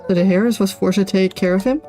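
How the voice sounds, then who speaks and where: A woman's voice: mid-range voice, fast talker, mellow, soft background music, lightly acted. A curious young boy, read by a woman. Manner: reads game dialogue aloud.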